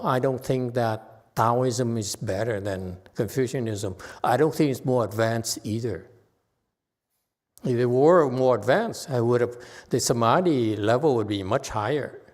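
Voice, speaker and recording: A man's voice: medium pitch, darkish tone. A man as a Buddhist meditation master giving a conversational dharma lecture, checking in with his listeners often.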